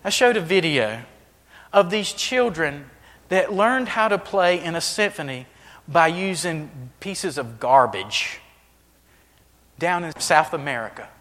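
A man preaching a sermon as pastor, swinging between hushed, intimate lines and loud, emphatic ones. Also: fairly high pitch, animated, takes it slowly, long reverb tail. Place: church sanctuary.

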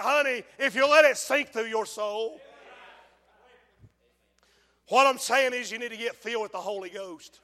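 A man preaching a fiery sermon in a large church, swinging from hushed pleading to shouting. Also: very high-pitched, moderate pace. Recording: long church hall reverb.

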